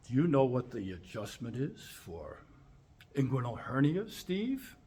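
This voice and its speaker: A man, a chiropractor, telling a funny personal story as a speech and acting out the lines with big jumps in pitch and volume. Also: very animated, a little slow, mellow, a little hiss or hum.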